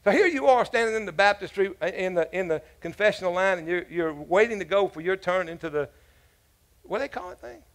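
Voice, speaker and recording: Gravelly high-voiced man preaching. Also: lively intonation, brisk, a bit bright. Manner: chatty, joking storytelling with laughs and asides. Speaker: pastor. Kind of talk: sermon. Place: church.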